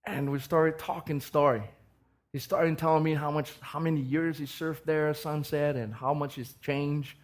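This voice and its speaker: A man preaching a sermon, telling a personal story, swinging between loud bursts and soft asides and often repeating words. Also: fairly high pitch, steady tone, normal speed.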